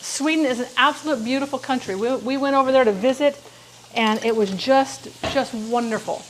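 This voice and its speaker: A woman's voice: high voice, brisk, a little hiss or hum, low-quality recording. Chatty middle-aged woman cooking at home. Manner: rambling, warm storytelling with frequent asides to viewers. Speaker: cooking show host. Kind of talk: chatty live cooking demonstration. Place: home kitchen. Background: sizzling frying pan.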